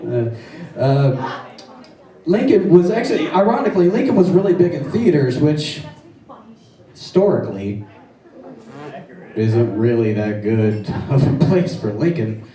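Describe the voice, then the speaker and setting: High, lively stand-up comic in an echoey room. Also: male voice, measured pace, pauses often. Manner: crude, rambling jokes with self-deprecating asides. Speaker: stand-up comedian. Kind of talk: stand-up comedy set. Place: comedy stage before a live audience. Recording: echoey room, mic at a distance.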